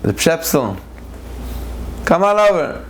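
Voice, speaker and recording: Brief: a man doing a touchy lion king who barks questions, then flares up in high, indignant outbursts. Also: sing-song, takes it slowly, a little hiss or hum. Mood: imperious. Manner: demanding, indignant. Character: haughty short-tempered male lion king.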